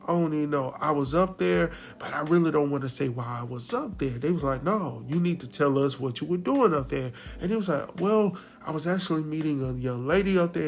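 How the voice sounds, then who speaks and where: Laid-back man recapping an episode. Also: fairly high pitch. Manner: laid-back storytelling, acts out characters' lines. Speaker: recap host.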